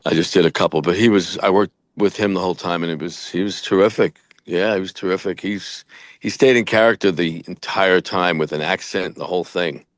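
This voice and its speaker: A man's voice: low-pitched, brisk, dry recording, studio quality. A middle-aged man, an actor and podcast co-host, chatting casually and frankly, rambling with many restarts as he tells stories. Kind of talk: casual chat.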